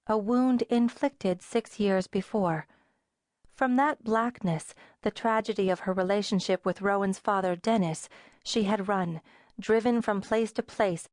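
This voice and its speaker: Speaking at medium pitch, a woman narrates an audiobook from a script, steady and even like a storyteller. The recording is clean studio sound without any room sound.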